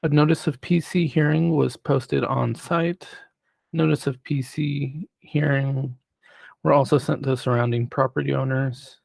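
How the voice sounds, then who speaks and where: A man on city planning staff who presents a formal report in a measured way, reading prepared remarks. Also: medium pitch, fairly even intonation, gravelly, a little mellow, no echo. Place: city council chamber.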